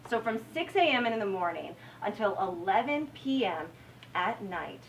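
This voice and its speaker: American woman anchor speaking at a campus event, expressive storyteller, heard from a little off-mic with a faint hum behind. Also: mid-range voice, normal speed. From United States. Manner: animated storytelling, acts out her own reactions. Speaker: TV news anchor giving a talk. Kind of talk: campus talk to students. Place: university lecture room. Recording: slightly distant mic, faint room noise.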